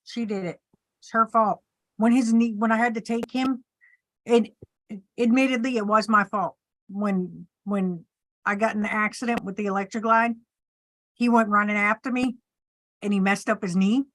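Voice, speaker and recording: A woman tells stories in a loose, casual chat, mid-pitched and lively, slipping into voices for the people she quotes. The sound is dry and close, with no room echo. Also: moderate pace. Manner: animated storyteller, acts out quotes, laughs often.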